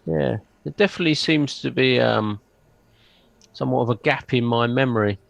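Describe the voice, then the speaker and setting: Gravelly-voiced player. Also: male voice, normal speed, dry recording. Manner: hesitant, low-key. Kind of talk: casual tabletop play.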